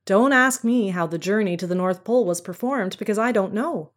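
A woman reading a storybook aloud in a clear, measured storytelling manner. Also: medium pitch. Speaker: audiobook narrator.

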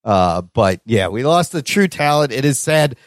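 A man's voice: medium pitch, very animated, moderate pace, no echo. Chatty podcast host, a man with a dry close sound. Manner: talkative, enthusiastic, many restarts. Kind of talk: casual chat.

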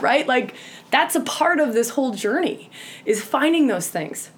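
A woman's voice: high voice, lively intonation, measured pace. A woman teaching tantra to a group in an impassioned way, often checking in with "right?" and acting out quoted voices.

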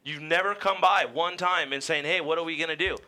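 A man's voice: fairly high pitch, brisk, bright, forceful tone. A man in a studio radio talk show, arguing bluntly and swearing in exasperation. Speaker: racer guest. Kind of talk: heated studio radio banter.

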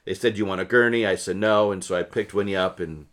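Rambling, emotional New man, low voice. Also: steady tone, fast talker. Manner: rambling, emotional, laughs often, many restarts. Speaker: podcast co-host. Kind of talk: casual storytelling chat.

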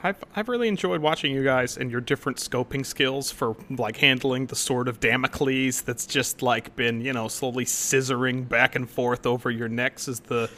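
A man with a bright, forceful voice co-hosts a podcast. He trades sarcastic jokes in easygoing banter. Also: mid-range voice, fairly even intonation, moderate pace, hardly any pauses. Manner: sarcastic, joking. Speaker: podcast co-host. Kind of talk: casual banter.

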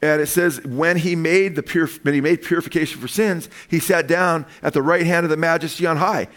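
A man preaching a sermon, animated, asking his listeners questions and acting out the lines he quotes. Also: on the high side, brisk. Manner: animated, asks the congregation questions, acts out quotes.

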